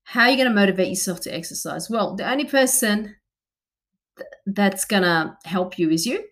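A woman's voice: medium pitch, lively intonation, normal speed, fairly bright tone. Woman trainer in her 30s, chatty and direct, keeps asking you questions. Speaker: personal trainer. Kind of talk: motivational talk to camera.

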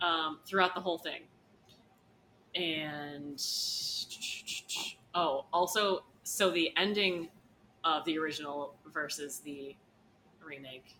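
A woman's voice: deep voice, slow, pauses often, bright, forceful tone, rough recording. A woman co-hosting a casual film chat, chatty with many fillers, with faint background noise. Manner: chatty, filler-heavy, laughs often. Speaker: podcast co-host.

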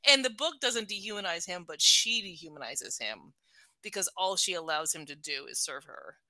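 Bright-voiced chatty woman, dry close sound. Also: lowish voice, normal speed, no room sound. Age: middle-aged. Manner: animated, filler-heavy, laughs often. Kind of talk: casual book discussion.

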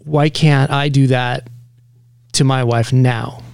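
A man co-hosting a podcast, talking casually and pausing to pick his words with care. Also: medium pitch, steady tone, creaky, darkish tone, clean tone, dry recording, studio quality. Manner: careful, searching for the right words. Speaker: podcast co-host.

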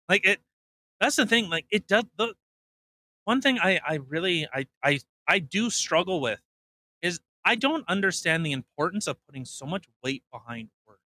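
Bright joking male podcaster. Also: sits high, very animated, normal speed. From Canada. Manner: joking, many repeated fillers like "like". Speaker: podcast co-host. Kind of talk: casual chat.

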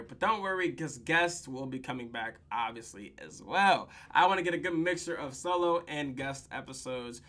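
A podcast host, casually and profanely recapping a TV episode with lots of laughter, tired late at night. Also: medium pitch. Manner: profane, laughing, animated retelling.

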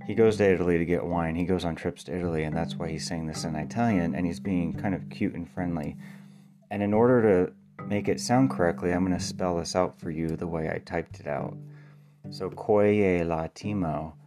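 A man, a playwright, talking casually about his play, thinking aloud with ums and spelling words out letter by letter. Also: low voice. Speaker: playwright and podcast host. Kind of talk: casual spoken monologue.

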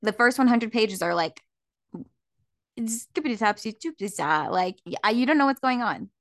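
A woman's voice: a little high, expressive, normal speed, fairly bright tone, dry recording, studio quality. A young woman co-hosting a podcast in casual chat, self-deprecating and full of "like" fillers. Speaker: podcast co-host.

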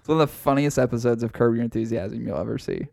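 A man's voice: mid-range voice, fast, vocal fry, darkish tone, no echo, studio quality. A man hosting a casual podcast, rambling and swearing freely and often breaking into laughter. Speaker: podcast host.

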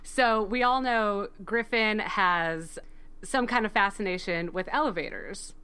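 A woman's voice: medium pitch, a little slow, pushed and bright, clean tone. A woman co-hosting a podcast in casual chat, rambling and giggling as she tells stories. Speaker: podcast co-host.

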